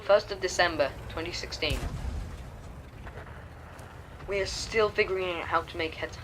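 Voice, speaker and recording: A young man reading his own homemade diary story aloud, halting often and restarting words. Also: sits high, noisy background. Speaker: story reader and channel host.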